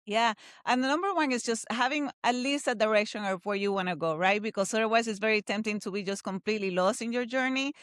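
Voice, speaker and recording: A woman with a noticeable accent speaks in an earnest, encouraging tone, giving motivational advice as an interview guest. Her voice is somewhat high, and the sound is dry and close. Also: quick pace, hardly any pauses, fairly bright tone, no echo.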